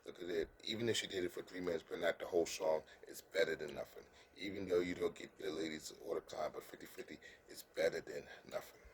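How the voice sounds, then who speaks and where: In a deep voice with fairly even intonation, a man earnestly coaches the camera on dating in a casual way. He stumbles a lot, halts, repeats words, and keeps asking "you understand?" Slight background noise is present.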